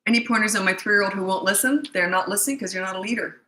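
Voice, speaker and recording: Blunt, bright-voiced parenting coach woman. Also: medium pitch, rapid-fire, reverberant, rough recording. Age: middle-aged. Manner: blunt, emphatic and repetitive. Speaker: parenting coach answering viewer questions. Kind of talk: casual live Q&A.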